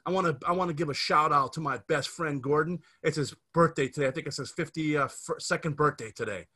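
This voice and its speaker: A man's voice: on the high side, fast talker, bright, forceful tone, slightly rough. A man in his fifties from the Scranton area of Pennsylvania, hosting a casual podcast and telling a rambling story full of restarts. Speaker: podcast host.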